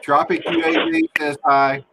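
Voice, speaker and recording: A man hosting a livestream, reading out viewer comments in a relaxed way. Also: a little high, unhurried, noisy background. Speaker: stream host reading chat. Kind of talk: casual chat.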